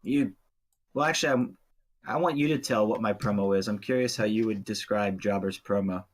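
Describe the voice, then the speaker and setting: A man's voice: on the low side, brisk. A man playing a tabletop game, chatting casually and joking with the game master. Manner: joking, playful. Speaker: player.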